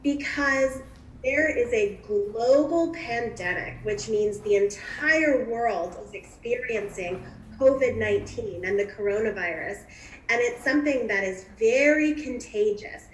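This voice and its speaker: A woman in her thirties speaks gently to young children, defining hard words plainly. Her voice sits high. She comes through a video call, distant and echoey. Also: measured pace, slight background noise. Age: 30s. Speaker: guest social worker. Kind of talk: explaining simply to young children.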